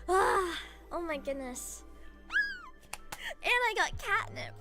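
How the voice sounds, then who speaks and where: Young female streamer, very high bright voice, lively up-and-down delivery, giggly gushing chat over faint music. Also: extremely slow. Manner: giggly, gushing, rambling with many "like"s. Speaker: VTuber streamer.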